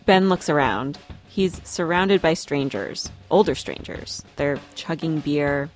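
A woman reporter telling a story in measured, scripted radio narration. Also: deep voice.

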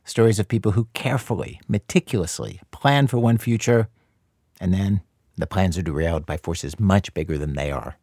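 A man hosting a radio documentary show, delivering scripted narration in a measured, dry, conversational way. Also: deep voice, a little mellow, dry recording.

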